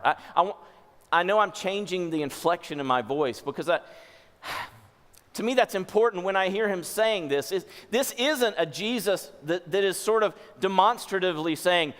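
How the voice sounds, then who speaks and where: Guy pastor preaching a sermon, kinda high voice, goes soft and hushed then punchy, big church echo. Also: lively intonation, a little fast. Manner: shifts between soft hushed tones and forceful lines when voicing scripture. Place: church sanctuary. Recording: long hall reverb.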